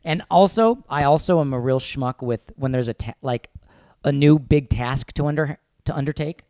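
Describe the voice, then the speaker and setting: A man's voice: medium pitch, normal speed, a little mellow, no echo. Casual co-host, middle-aged man, whiny grumble, dry close mic. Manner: grumbling, self-deprecating. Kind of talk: casual chat.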